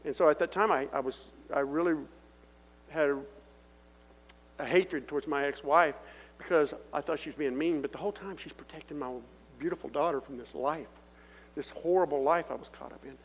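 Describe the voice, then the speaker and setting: A middle-aged man giving a personal testimony in sermon style, telling his story earnestly and building up to loud calls to the congregation. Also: on the high side, a little fast, breathy edge. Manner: earnest storytelling that swells into loud appeals to the crowd. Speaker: testimony speaker. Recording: echoey hall with faint hum.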